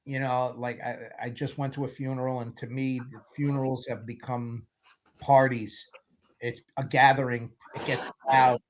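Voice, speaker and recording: A man's voice: mid-range voice, flat delivery, moderate pace. A man in his sixties, a film producer as a guest, talking in a candid, rambling way and telling stories with wry humor. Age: 60s. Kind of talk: casual interview chat.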